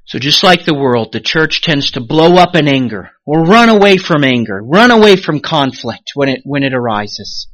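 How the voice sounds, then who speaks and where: Pastor guy preaching, swings way up and then way down quiet, does little voices of people he quotes. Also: on the high side, moderate pace, hardly any pauses, no room sound. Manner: animated preaching with sudden rises and hushed drops; acts out quoted voices of the congregation. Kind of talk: sermon.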